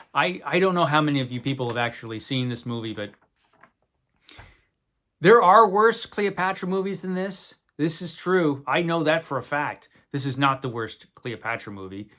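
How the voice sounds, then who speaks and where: A male video host with a fairly high, somewhat bright voice casually talks through films he likes. He speaks unscripted to camera, full of wry, rambling asides and frequent self-corrections.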